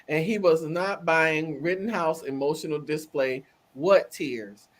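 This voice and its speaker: A woman co-hosting a casual talk show, animated and emphatic, repeating words for effect. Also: deep voice, unhurried. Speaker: co-host. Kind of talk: casual chat.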